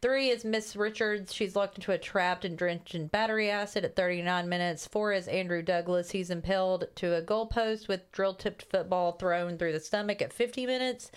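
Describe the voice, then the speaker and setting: A woman co-hosting a horror movie podcast, reading a kill count and trivia in a brisk, list-like delivery. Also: mid-range voice, steady tone, clean tone. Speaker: podcast co-host.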